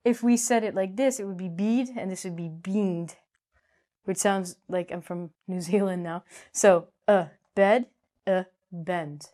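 A woman's voice: fairly low pitch, fairly even intonation, moderate pace, mellow. A woman teaching English in a playful, chatty way, joking to herself as she explains. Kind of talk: casual spoken lesson.

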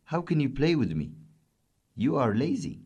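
Guy doing a boastful camel, hardworking and proud, deep voice, kinda reproachful. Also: lively intonation, a little slow, a little mellow. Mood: indignant. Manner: indignant, reproachful.

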